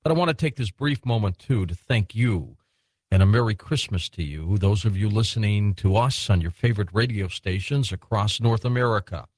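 A man's voice: on the low side, moderate pace, darkish tone, no room sound. A man hosting a late-night radio talk show, genial and chatty, laughing easily with his guests.

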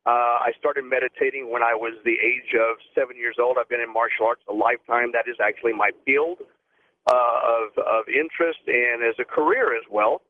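Man in his forties, radio caller, phoning from a car, quick and stammering, eager, tinny phone sound. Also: medium pitch, fairly even intonation. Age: 40s. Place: car, driving.

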